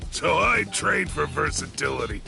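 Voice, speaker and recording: A gravelly, shouting warrior. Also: male voice, on the high side, animated, moderate pace, music in the background. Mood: gruff. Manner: shouting, scolding. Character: gruff hard-drinking male warrior, bossy and loud.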